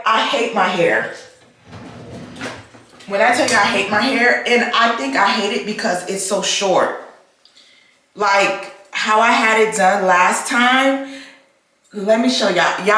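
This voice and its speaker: A woman's voice: medium pitch, sharp tone. A young woman ranting expressively in a casual vlog, swearing and repeating herself. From United States. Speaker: vlogger. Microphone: camera mic. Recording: very echoey room.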